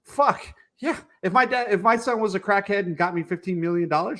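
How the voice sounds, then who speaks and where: A man's voice: high-pitched, a little fast, bright, forceful tone. A young man co-hosting a political podcast, ranting in a heated, profane way. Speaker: podcast co-host.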